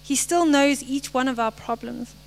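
A young woman giving a short, earnest devotional message, halting now and then and apologizing as she goes. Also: sits high, gravelly, slight background noise, poor audio. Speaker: lay speaker.

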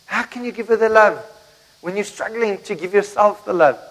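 A man's voice: sits high, normal speed, fairly bright tone, low-quality recording. A South African man preaching a sermon to his congregation, telling stories and asking the listeners questions. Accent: South African English. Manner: storytelling, asks the congregation questions. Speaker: pastor. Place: church.

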